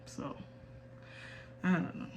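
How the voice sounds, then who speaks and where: A young woman from the US in her twenties talks candidly to camera in a personal rant. She speaks quietly and holds back emotion, then turns firm and emphatic. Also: takes it slowly, noisy background. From United States. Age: 20s. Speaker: vlogger.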